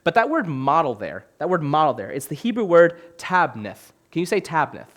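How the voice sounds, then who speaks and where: Animated young male pastor preaching. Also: a little high, moderate pace. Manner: animated preaching, asks the audience questions. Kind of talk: sermon.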